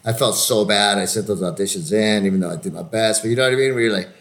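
A man's voice: lowish voice, fast talker. A man in his fifties, an actor hosting a casual chat, telling stories with lots of swearing and filler words. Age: 50s. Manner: animated storytelling, heavy swearing and filler words. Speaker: actor and podcast host.

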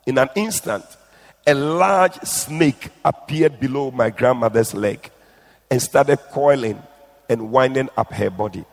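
A man's voice: mid-range voice, unhurried, creaky. A man preaching a sermon and retelling a testimony, pleading urgently with his listeners. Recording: echoey hall.

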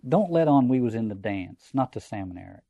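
A man reading aloud and voicing a shrill, anxious, excitable schoolboy who pleads defensively. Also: a little fast, creaky, no echo, highs cut off. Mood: urgent.

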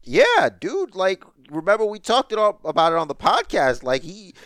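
A man's voice: high voice, huge pitch swings, moderate pace, a bit bright, clean tone, dry recording, clean studio sound. A man co-hosting a podcast, talking casually with lots of slang and fillers. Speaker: podcast co-host. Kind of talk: casual chat.

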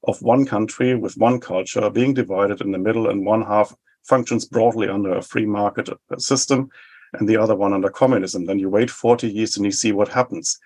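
A man in his forties with a New Zealand accent, explaining his views in a measured way in an interview. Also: fairly low pitch, steady tone, a little mellow. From Germany. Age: 40s. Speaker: think tank head. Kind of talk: interview answers.

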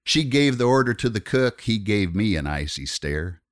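Man, low voice, wry rhythmic storyteller reciting verse; lively, dry close sound. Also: moderate pace, no echo. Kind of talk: reciting a rhyming narrative poem.

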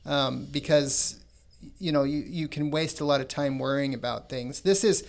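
A man's voice: mid-range voice, moderate pace, vocal fry. A middle-aged man, a podcast guest, talking reflectively and hesitantly with many fillers in casual conversation.

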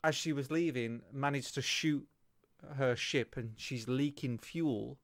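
A man's voice: mid-range voice, unhurried. Rambling British man telling a game story. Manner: rambling storyteller who acts out characters in silly voices. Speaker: podcast co-host. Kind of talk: casual chat, retelling a game story.

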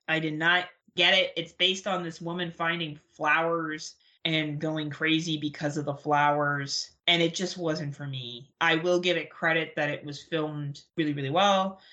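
A young adult woman co-hosting a podcast in casual chat, blunt, profane and animated as she rants. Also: low voice. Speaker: podcast co-host.

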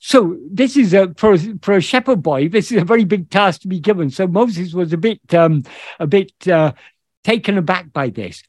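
Male spiritual teacher, British accent, lively rising and falling delivery, video-call talk, careful and halting. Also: high-pitched, dry recording. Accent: British English. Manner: thoughtful, searching for words with many restarts. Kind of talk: explaining scripture in an online meeting.

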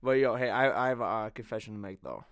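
A man's voice: on the low side, fast, gravelly, fairly bright tone, clean tone, no room sound, clean studio sound. A young man co-hosting a podcast, chatty and laughing, who says "dude" a lot. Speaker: podcast co-host. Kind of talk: crude joking podcast banter.

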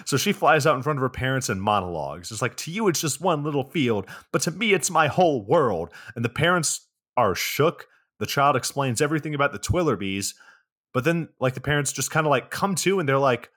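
A man's voice: medium pitch, big pitch swings, fairly quick, fairly bright tone. A man co-hosting a comedy podcast, recapping a movie casually and acting out characters in silly voices. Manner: jokey, acts out characters in funny voices. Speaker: podcast co-host.

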